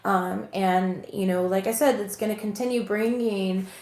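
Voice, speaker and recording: A woman's voice: mid-range voice, steady tone, moderate pace, a little mellow. A woman in her thirties giving an earnest, emotional tarot reading to viewers. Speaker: tarot reader. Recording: echoey room with faint noise.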